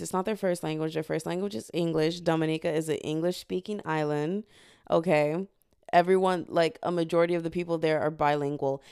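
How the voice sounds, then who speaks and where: A young American woman hosts a solo podcast, telling stories in a chatty, animated, foul-mouthed way. Her voice sits low with a gravelly fry, yet it stays smooth and resonant. The recording is dry and close. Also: no room sound. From United States. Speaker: podcast host. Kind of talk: casual solo podcast storytelling.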